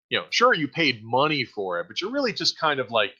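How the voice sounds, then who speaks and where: A man acts as game master for a tabletop role-playing session. He rambles through asides and slips in dry sarcasm. His voice is bright and comes through a slightly dull, lo-fi recording. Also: medium pitch, wildly swooping pitch, a little fast, hardly any pauses, husky. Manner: rambling, hedging, dryly sarcastic.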